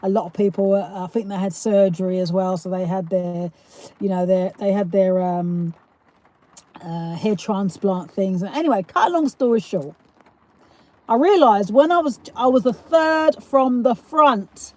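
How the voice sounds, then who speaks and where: A woman's voice: mid-range voice, a little slow, a little mellow. A middle-aged woman with a South East London accent, hosting a live stream and telling a rambling, giggly story with casual swearing. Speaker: livestream host.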